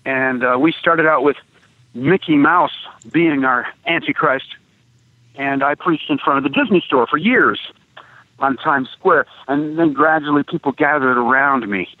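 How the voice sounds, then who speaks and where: A male activist street preacher, guesting on a radio interview, starts out halting and then builds to preacher-like emphasis. His voice is on the high side, with no room sound, over a tinny, dry phone line.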